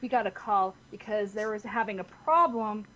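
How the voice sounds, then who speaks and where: A woman co-hosting a casual comic book podcast, telling stories in a giggly, animated way. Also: mid-range voice, moderate pace, lo-fi sound, slight background noise. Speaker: podcast co-host.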